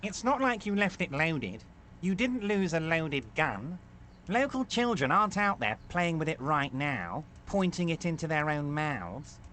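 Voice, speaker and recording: A man's voice: a little high, sing-song, a little slow, sharp tone, slight background noise, voice pushed up, heavily acted. A man voicing a smug, fawning, powerful middle-aged man who speaks with mock concern.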